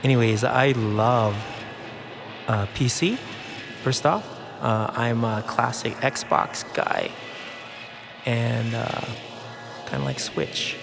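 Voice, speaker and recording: A man's voice: medium pitch, animated, slow, creaky, long pauses, big-room sound, over music. A man who leads a summer camp, chatting casually in a jokey mock radio-announcer voice. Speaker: camp leader. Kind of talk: casual chat.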